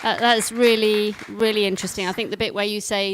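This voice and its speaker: A woman's voice: mid-range voice, level tone, a little fast, slight background noise, poor audio. A woman hosting a conference event, introducing speakers in a friendly, chatty way. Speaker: event host.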